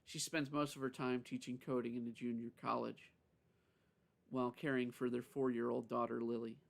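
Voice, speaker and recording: A man reading a story aloud on a live stream, unhurried, with frequent self-corrections. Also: mid-range voice, flat delivery, gravelly.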